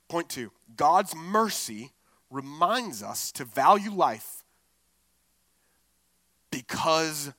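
A man preaching a sermon, expressive and conversational, with casual asides. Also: high voice, slow pace, pauses often, no echo. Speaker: pastor.

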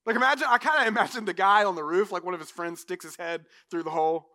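A man with a high, bright voice preaches to his church. He talks in a loose, conversational way, full of "like" and quick asides. His delivery stays animated and easygoing. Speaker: pastor. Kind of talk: sermon.

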